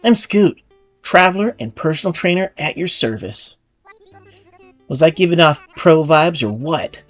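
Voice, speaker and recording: A man voicing an energetic male duck villager who loves workouts, reading his game lines in an upbeat sporty pep-talk way. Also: fairly high pitch, measured pace, faint music behind, voice pushed up. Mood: peppy. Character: peppy male duck fitness buff, energetic. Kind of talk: reading game dialogue aloud.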